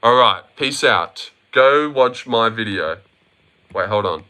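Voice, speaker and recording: A man's voice: on the low side, lively intonation, slow pace, bright, forceful tone. A young man hosting a casual livestream, reading viewer comments, joking and swearing as he banters with his chat. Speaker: livestream host reacting to viewers.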